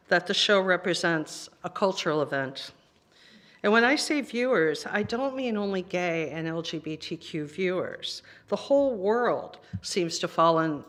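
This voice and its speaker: A minister delivers a sermon in a warm-toned, conversational manner, speaking at a middle pitch. The delivery stays personal and direct.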